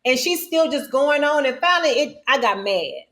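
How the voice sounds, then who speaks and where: A woman, a guest telling a story in casual talk, acting out her own quotes with big jumps in voice. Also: normal speed. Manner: animated, quoting herself with sharp pitch jumps. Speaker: guest, reality TV cast member.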